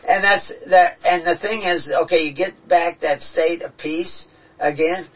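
Husky man telling earnest spiritual stories. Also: a little high, fairly even intonation, measured pace. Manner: earnest, reflective storytelling. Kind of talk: casual spiritual talk. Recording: dull, distant-sounding recording.

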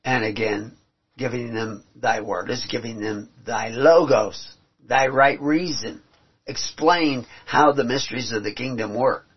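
A man's voice: medium pitch, slightly rough. A man preaching a sermon, reading scripture aloud and explaining it in an earnest way that climbs to emphatic peaks. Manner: earnest, rising to emphatic peaks, halting restarts. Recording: dull lo-fi recording.

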